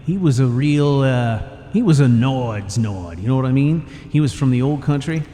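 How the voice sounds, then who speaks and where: A man's voice: mid-range voice, animated, normal speed, mellow, natural voice. A man voicing a rambling, folksy older male Nord warrior who tells old war stories in a game story. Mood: reminiscing. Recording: long reverb, faint music behind.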